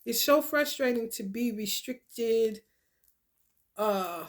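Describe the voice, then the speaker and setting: A woman with a fairly high voice delivers an animated, preachy rant straight to her viewers. She swears freely and talks to them as "y'all" and "honey", sliding between loud outbursts and quieter, lower asides. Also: slow. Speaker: vlogger. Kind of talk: casual monologue to camera.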